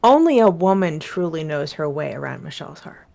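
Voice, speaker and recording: A woman's voice: low-pitched, big pitch swings, fairly quick, vocal fry, darkish tone. A woman playing a tabletop game, bantering in a teasing, flirty way. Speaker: player.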